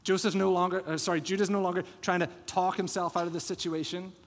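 A man's voice: sits high, flat delivery, fast talker. Earnest man preaching in a reverberant church. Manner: earnest expository preaching that retells scripture scenes. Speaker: pastor. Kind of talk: sermon. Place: church sanctuary. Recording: long church hall reverb.

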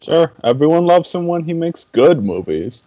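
A man's voice: a little high, very animated, moderate pace, mellow, no echo, muffled recording. A man co-hosting a podcast in casual chat, hesitant and stammering with a dry sense of humor. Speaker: podcast co-host.

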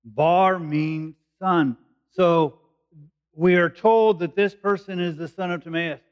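A man working through a scripture passage like a teacher, explaining in a casual, conversational way. His voice sits a little high. The recording is muffled and lo-fi. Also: fairly even intonation, slow pace, clear, resonant tone. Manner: conversational, explanatory, thinking aloud. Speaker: preacher. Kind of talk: verse-by-verse Bible teaching.

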